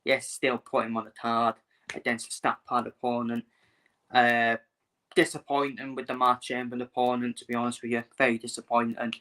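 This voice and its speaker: A man's voice: mid-range voice, flat delivery, moderate pace, bright, forceful tone. A man talking casually to viewers in a live stream, often repeating his phrases and filling gaps with "uh". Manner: repeats himself, fillers, talks to viewers. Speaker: boxing vlogger.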